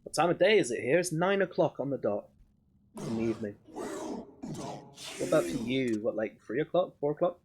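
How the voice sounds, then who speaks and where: A young man streaming a game, chatting casually with viewers, excitable and swearing freely. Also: medium pitch, normal speed, pauses often, background noise. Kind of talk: casual live-stream chat while gaming. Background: game music.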